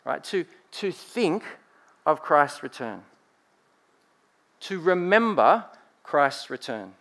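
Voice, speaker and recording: Lively Australian preacher, man. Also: on the high side, takes it slowly, gravelly. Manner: lively, rhetorical "right?" asides, swings from loud emphasis to quiet. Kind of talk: sermon.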